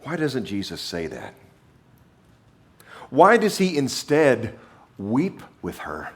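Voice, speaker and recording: A man's voice: medium pitch, huge pitch swings, takes it slowly. A man preaching a sermon as pastor, reading scripture aloud and then driving points home by repeating key phrases with emphasis.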